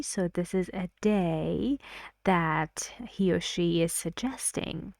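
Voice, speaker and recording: Slow, careful woman teacher. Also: lowish voice, darkish tone, dry recording, clean studio sound. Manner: slow, careful explaining, acts out stressed words in example sentences. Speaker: English teacher. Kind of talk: recorded lesson explanation.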